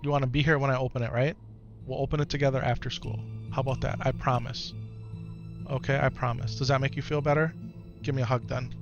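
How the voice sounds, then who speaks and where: A man in his thirties at home, talking gently and patiently to his young son, then chatting casually with his live-stream viewers. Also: mid-range voice, steady tone, fairly quick, long pauses, highs cut off. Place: home, in the morning. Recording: clear background music under voice. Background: music.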